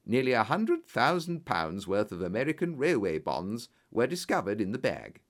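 A man narrating a story, reading in an expressive, clear storytelling manner. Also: medium pitch, moderate pace.

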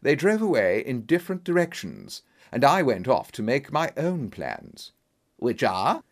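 A man reading an audiobook story aloud with steady storytelling. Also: normal speed. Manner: steady storytelling, animated pitch. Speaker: narrator. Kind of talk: scripted audiobook narration.

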